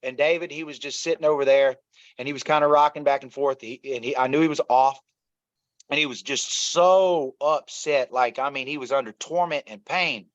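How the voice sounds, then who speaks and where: A man's voice: medium pitch, normal speed, dry recording. A middle-aged man telling a painful family story as an interview guest, earnest and repetitive, often talking straight to the listeners. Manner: earnest, repeats himself, addresses listeners as y'all. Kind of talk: emotional personal storytelling. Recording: dull, slightly lo-fi dry sound.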